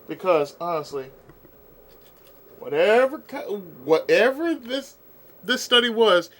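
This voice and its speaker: A man's voice: high-pitched, big pitch swings, slow pace, a bit bright. A man vlogging in a casual, exasperated rant, sometimes eating as he talks. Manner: exasperated, ranting, eats while talking. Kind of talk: casual ranting commentary.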